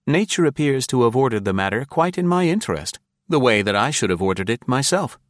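A man reading the part of a captured male spy who reasons calmly about death and then begs desperately for his life. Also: mid-range voice, no echo, studio quality, voice pushed up, close to an everyday voice. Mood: coolly reasoning. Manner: measured and reasoning, breaking into frantic pleading. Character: calm captured male spy facing execution, coolly philosophical. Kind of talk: audiobook character reading.

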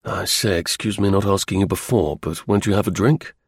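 A man reading the part of a blunt, restless young gentleman, in a clipped upper-class manner. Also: low voice, fairly quick, breathy edge, no echo, studio quality.

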